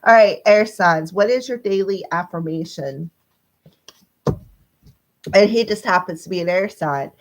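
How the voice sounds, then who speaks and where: Woman, squeaky voice, chatty live-stream tarot reader talking right to her viewers. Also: a little slow, pauses often, slight background noise, rough recording. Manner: chatty, talks straight to viewers. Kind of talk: casual live-stream card reading.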